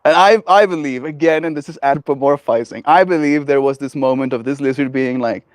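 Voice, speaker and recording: Gentle rambling male streamer. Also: mid-range voice, fairly quick, hardly any pauses, dry recording, clean studio sound. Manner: rambling and gentle, heavy on fillers. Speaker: livestreamer. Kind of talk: casual chat with viewers. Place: outdoors on a porch.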